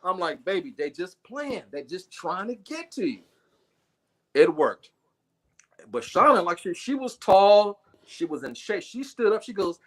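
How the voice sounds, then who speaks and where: Animated man telling a story on a call. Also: a little slow. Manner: animated, acts out quoted voices with big pitch jumps. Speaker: guest storyteller. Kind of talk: casual livestream storytelling. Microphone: video call.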